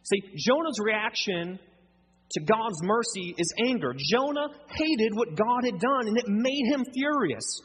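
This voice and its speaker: Husky high-voiced guy preaching, acts out little dialogues, long church-hall echo. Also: measured pace, slight background noise. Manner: animated, acts out dialogue, conversational asides. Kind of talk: sermon.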